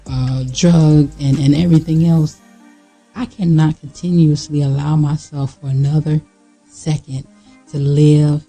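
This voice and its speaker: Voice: medium pitch, dark tone, slightly rough, rough recording. A vlogger giving a candid, blunt motivational talk straight to the viewer, in casual slangy speech full of fillers and repeats. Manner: emphatic, blunt and preachy, talking straight to the viewer.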